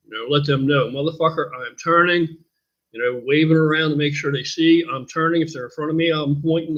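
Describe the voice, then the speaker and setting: An older American man with a fairly high, husky voice hosts a casual live stream, rambling bluntly and profanely while answering viewer questions. The stream audio is dull and lo-fi.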